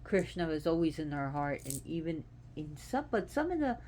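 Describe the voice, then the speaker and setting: Earnest, lower-voiced woman chatting. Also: very animated, moderate pace, a little mellow. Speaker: host. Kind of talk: casual devotional talk.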